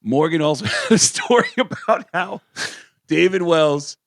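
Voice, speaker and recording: A man co-hosting a radio talk show, telling stories in a lively way and acting out the people he quotes. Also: on the high side, unhurried, vocal fry, no echo, studio quality. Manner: animated storyteller acting out quotes in voices. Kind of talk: casual storytelling chat.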